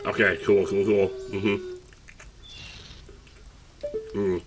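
A man's voice: fairly low pitch, flat delivery, drawn-out words, background noise. A man giving casual, jokey gameplay commentary, chatting to the game character as he plays. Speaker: video game let's player. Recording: game music playing under the voice.

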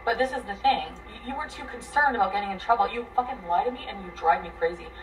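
A woman venting a tangled relationship story, profane and rambling, her voice swinging between loud bursts and near mutters. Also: medium pitch, quick pace, recorded from a distance, slight background noise, low-quality recording. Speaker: guest telling her story. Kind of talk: emotional venting.

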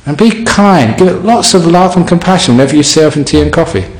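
A man's voice: a little high, fairly quick. A man, a Buddhist monk, giving a humorous dharma talk and telling an anecdote in answer to a question. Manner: storytelling, humorous, lively. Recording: echoey hall recording.

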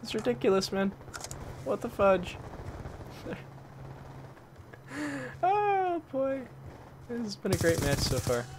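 A man commenting on his own gameplay, excitable, dropping from low mutters to sudden loud yelps and swapping curses for mild words. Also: moderate pace, pauses often. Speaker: gaming commentator. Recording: game gunfire and noise behind the voice.

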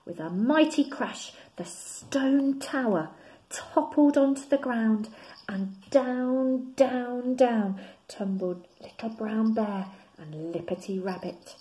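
A woman teacher reading a children's picture book aloud in an expressive way. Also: a little high. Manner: slow and expressive.

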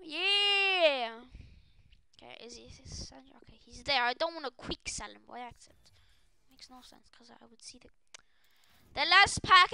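A young woman streaming a video game live, shrieking and excitable, often breaking into shouts. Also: very high-pitched, no echo. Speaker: gaming streamer.

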